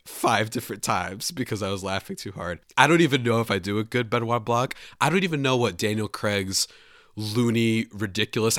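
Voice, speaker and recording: Man, podcast host, casual chat, animated, lower-pitched, dry close mic. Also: no room sound. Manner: animated and chatty, restarts often.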